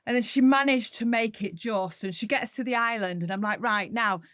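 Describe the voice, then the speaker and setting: A woman in her forties chats with her co-host on a podcast. She tells stories in an animated way and laughs often. Her voice sits fairly high, with dry, close sound. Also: a little fast, no echo. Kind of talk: casual chat.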